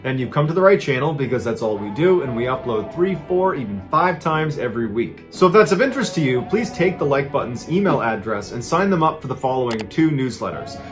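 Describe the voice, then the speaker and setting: A man's voice: mid-range voice, a little fast, few pauses, soft background music. Male host-narrator, conversational true-story telling. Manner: conversational, deadpan joking in the intro.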